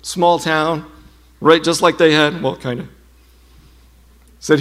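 Male pastor, sermon, lively and funny storyteller, fairly high voice. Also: slow. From United States. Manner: animated storytelling with humor.

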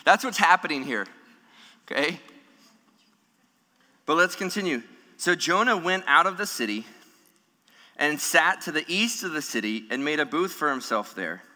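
A man preaching a sermon in a church, animated, acting out the voices of people in the story. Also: a little high, moderate pace, long pauses. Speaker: pastor. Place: church hall. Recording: long hall reverb.

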